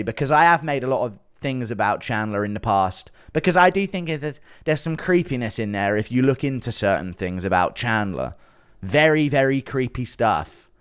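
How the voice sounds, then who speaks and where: Animated, sarcastic male commentator. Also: medium pitch, clear, resonant tone. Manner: defensive, sarcastic, swears a lot. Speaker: online commentator. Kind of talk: casual rant to camera.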